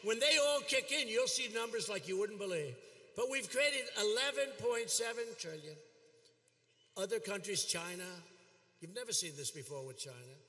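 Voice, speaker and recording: Older male speaker in his seventies, bright and forceful delivery, repetitive and boastful rally style, long arena reverb. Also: high-pitched, animated, moderate pace. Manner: repetitive, boastful, shouting out to a crowd. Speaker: politician at a rally. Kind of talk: rally speech. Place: large arena.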